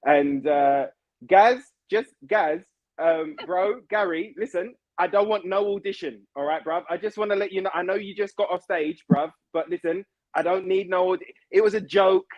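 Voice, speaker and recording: A man's voice: sits high, normal speed, no room sound, muffled recording. Slangy man, dry close sound. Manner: slangy and animated, repeating words. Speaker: podcast guest. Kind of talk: casual chat over a video call.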